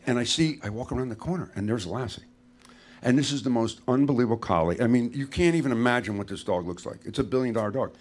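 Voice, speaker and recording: A man's voice: mid-range voice, fast talker, darkish tone. A man hosting a live stage interview, asking questions and trading quips with his guests. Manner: jokey, quips between questions. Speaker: radio host, interviewer. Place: live stage before an audience.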